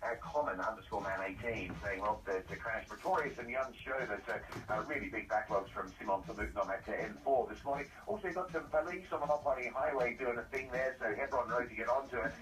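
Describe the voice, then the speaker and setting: A man giving a radio traffic report in a brisk, matter-of-fact way. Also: medium pitch, a bit bright, far from the mic, rough recording. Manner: brisk, matter-of-fact reading of road conditions.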